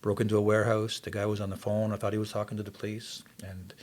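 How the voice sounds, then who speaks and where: A man's voice: on the low side, monotone, quick pace, a little mellow. A man in his sixties from Canada, earnestly telling his life story as a podcast guest. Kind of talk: testimony in casual interview.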